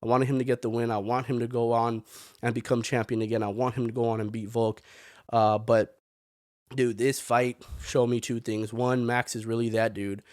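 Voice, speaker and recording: A man's voice: medium pitch, level tone, normal speed, no echo. A man in a mid-range voice hosting a sports podcast, talking loosely and opinionatedly as he riffs on the latest fights. He rambles a little and keeps tossing in "man". The sound is close and dry, with no room around it. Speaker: podcast host. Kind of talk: casual sports commentary.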